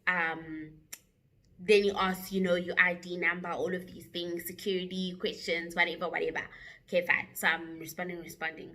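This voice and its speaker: A young woman with a South African accent recounts a story to her viewers in a loose, chatty vlog. Her voice is bright and forward, and her delivery is animated, with regular asides to the audience. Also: on the low side, moderate pace. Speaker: YouTuber.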